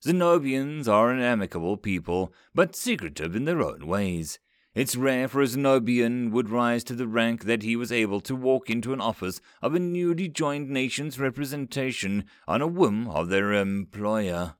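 A polished, secretive male alien envoy, polite and faintly amused, as a man voices him in a story reading. His pitch moves in a lively way. The sound is close and dry. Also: moderate pace, clear, resonant tone, dry recording, close to an everyday voice. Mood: composed.

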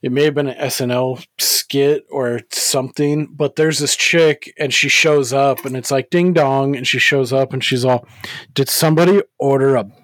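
Male podcast co-host, mid-pitched, casual and profane, quick to laugh, dry close-mic read. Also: steady tone, a bit bright, no echo. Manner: swears freely, laughs easily. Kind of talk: casual chat.

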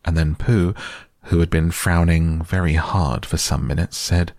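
A man narrating a children's storybook in a measured, gentle way. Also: deep voice, steady tone, dry recording, studio quality. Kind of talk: storybook reading aloud.

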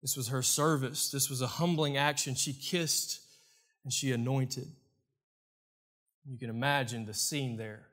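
A young adult man preaching a sermon as pastor, emphatic and repetitive, swinging between loud and hushed passages. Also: medium pitch, steady tone, measured pace, long pauses.

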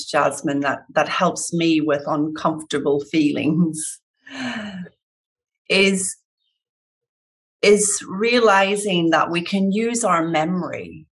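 A woman coach speaks slowly and gently, in a low voice, reflecting on what someone has shared. Her manner is calm and unhurried, and she takes her time with each thought. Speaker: coach or facilitator.

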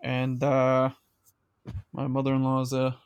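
A man's voice: medium pitch, monotone, unhurried, smooth, highs cut off. A man in his thirties telling a rambling, profane story in casual chat, often breaking into laughter.

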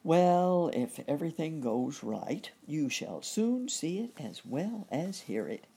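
A woman voicing a kindly old gentleman rabbit in a storybook, cheerful and exclaiming. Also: sits low, sing-song, slow, husky, full character voice.

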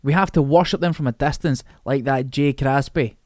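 Man playing a gruff teenage lad, plain-spoken, dry close sound. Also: medium pitch, normal speed, a little mellow, dry recording, natural voice. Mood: blunt. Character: hefty, blunt teenage footballer lad.

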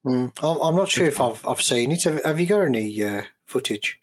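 A man co-hosting a casual gaming podcast over an online call, eager and quick to ask questions. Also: mid-range voice, lively intonation. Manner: eager, asks questions, enthusiastic. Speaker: podcast co-host.

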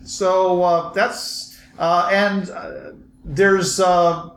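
A man running a tabletop game as game master, narrating with many pauses and fillers. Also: high-pitched, steady tone, a bit bright. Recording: echoey room, background noise.

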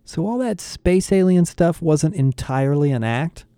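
A man's voice: on the high side, expressive, a little slow, warm tone, clean tone, no room sound, clean studio sound, voice pushed up. A man voicing a blunt, brash young man from a rebel group, in an audiobook.

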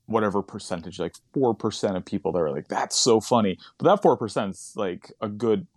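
A man's voice: fairly low pitch, animated, a little fast, darkish tone, no room sound, clean studio sound. A man who does stand-up comedy, chatting casually on a podcast, rambling and laughing often as he digresses.

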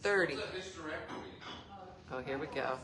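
A woman's voice: very deep voice, slow, a crowd in the background. A woman in her forties hosting a casual chat, telling family stories with lots of laughter. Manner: laughing, animated storyteller. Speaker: host.

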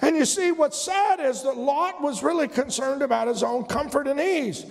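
A man preaching a sermon in a church, animated and breaking into loud emphatic shouts, sometimes mimicking whiny prayers. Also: very high-pitched, moderate pace, vocal fry, in a large hall. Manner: acts out whiny prayers in a mocking voice.

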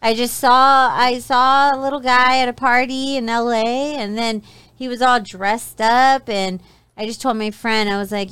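A woman's voice: fairly high pitch, fairly even intonation, moderate pace, a bit bright, clear, resonant tone, no echo. A woman co-hosting a podcast, chatting in a laid-back way with lots of "like". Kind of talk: casual chat.

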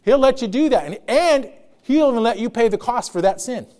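Guy pastor, kinda high voice, preaching loose and chatty, laughs a lot. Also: animated, brisk, a little mellow. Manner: conversational preaching, laughs often, acts out quotes. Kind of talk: sermon.

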